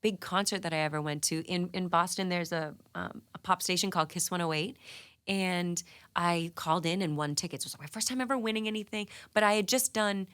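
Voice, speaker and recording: A woman in her thirties from New England, a singer guest telling stories in a radio studio interview, animated and laughing, with lots of "like" fillers. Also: on the low side, fairly quick, clean tone. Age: 30s. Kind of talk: casual interview storytelling.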